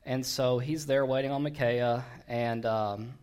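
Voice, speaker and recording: A man's voice: medium pitch, fairly even intonation, unhurried, darkish tone, clear, resonant tone. A man preaching a sermon, retelling a Bible story in a conversational, digressive way with wry asides.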